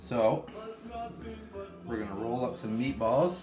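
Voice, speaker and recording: A man hosting a casual home cooking demonstration, chatting with joking asides while gently scolding a child who is helping. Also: mid-range voice, slow pace, roomy sound, music in the background. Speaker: home cooking show host. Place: home kitchen.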